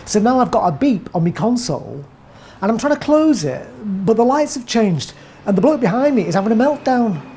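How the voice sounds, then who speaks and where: A woman with an English accent delivering a wry, deadpan first-person comic monologue as a narrator. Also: a little high, a little fast, slight background noise.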